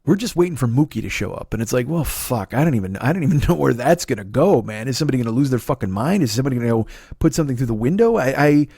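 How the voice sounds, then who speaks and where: A man's voice: medium pitch, expressive, racing, few pauses, slightly rough, dry recording, studio quality. A man, a comedian telling a long, profane story that builds into ranting. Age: 40s. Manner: profane, ranting retelling with shouted quotes. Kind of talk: storytelling monologue.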